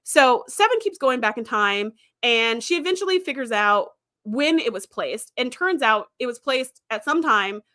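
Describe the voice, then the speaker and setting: A woman's voice: a little high, animated, normal speed, few pauses, bright, forceful tone, dry recording, studio quality. A young woman hosting a casual livestream, rambling through viewer comments with lots of ums, likes and easy laughter. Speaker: livestream host.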